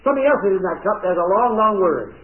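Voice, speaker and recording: A man's voice: high voice, animated, fast. A man preacher giving an object-lesson sermon to children and adults, emphatic and dramatic, stopping to put questions to the children. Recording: tinny, phone-like old recording.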